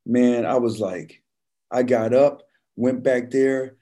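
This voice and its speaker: A man telling stories in a relaxed, conversational way as a podcast guest, saying "man" constantly. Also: medium pitch, slow. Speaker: podcast guest, former football player. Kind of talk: casual conversation, storytelling.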